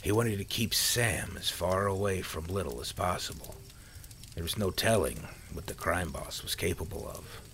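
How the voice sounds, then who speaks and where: A man narrating a story in a calm, measured reading voice. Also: deep voice, slight background noise.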